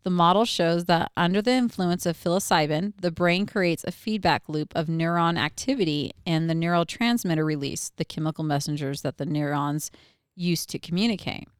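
A woman's voice: lowish voice, normal speed, smooth, no echo, studio quality. A young woman co-hosting a casual podcast chat, telling a story with lots of fillers and frequent laughter. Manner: animated storyteller, laughs often, many fillers. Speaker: podcast co-host.

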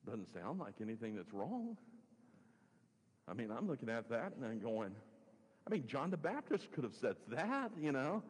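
A male pastor delivers a sermon in a slightly husky, mid-pitched voice. He reads scripture, then muses aloud in an easygoing way with chuckling asides. The sound carries a long reverb tail from a large hall. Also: very animated, normal speed, long pauses, a little mellow.

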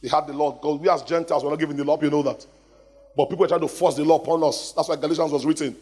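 A man preaching a lively sermon in a church hall, calling out to the congregation for responses. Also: fairly high pitch, very fast, breathy edge. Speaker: pastor. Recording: long hall reverb.

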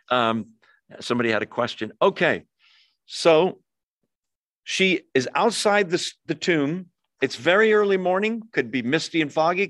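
An older man preaches a verse-by-verse Bible lesson in a loose, chatty way, tossing questions to his audience. His voice sits a little high for a man. The sound is dry and close, with little room echo. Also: fairly bright tone. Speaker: pastor. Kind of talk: conversational Bible teaching. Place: church hall with in-person and online audience.

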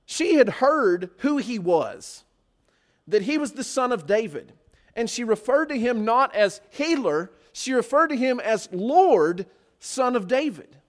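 A man's voice: very high-pitched, sing-song, measured pace. A man preaching a sermon, often putting rhetorical questions to his listeners.

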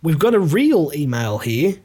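Male podcast host, husky, teasing, mock-formal, laughs a lot. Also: fairly high pitch, sing-song, unhurried, mellow. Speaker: podcast host reading emails. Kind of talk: casual crude comedy podcast banter.

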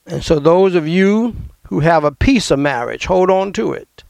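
A man preaching a fiery sermon as pastor, emphatic and confrontational, with sudden loud outbursts. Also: high-pitched, expressive, moderate pace, vocal fry, clear, resonant tone, no echo.

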